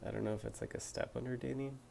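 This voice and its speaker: A man's voice: medium pitch, steady tone, very fast, vocal fry, a little mellow, slight background noise. A young man answering viewer questions to his phone camera, talking hesitantly with lots of fillers and restarts. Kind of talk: casual talk to camera.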